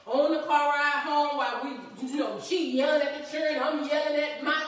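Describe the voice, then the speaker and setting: A woman's voice: high voice, fairly even intonation, fairly quick, heavy reverb, far from the mic, poor audio. A woman co-hosting a live talk stream, chatting casually and laughing often as she acts out friends' voices. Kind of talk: casual chat to a live audience.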